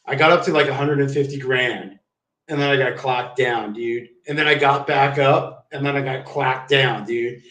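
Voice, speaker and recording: A man's voice: mid-range voice, steady tone, normal speed, bright, forceful tone. A man livestreaming, telling rambling stories in a casual, profane, slangy way and saying "dude" a lot. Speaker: live streamer. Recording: roomy, distant mic.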